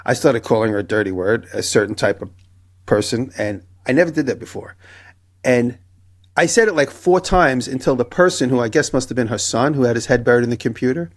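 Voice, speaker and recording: Animated storytelling man, middle pitch. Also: a little fast. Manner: animated anecdote telling, acting out both sides of quoted exchanges. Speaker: podcast co-host. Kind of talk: casual storytelling chat.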